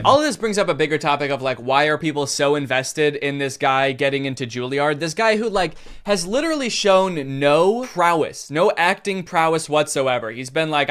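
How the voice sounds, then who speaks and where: A young man giving comedic commentary, sarcastic and quick to slip into silly impressions. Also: on the high side, expressive, fairly bright tone, soft background music. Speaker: commentary YouTuber.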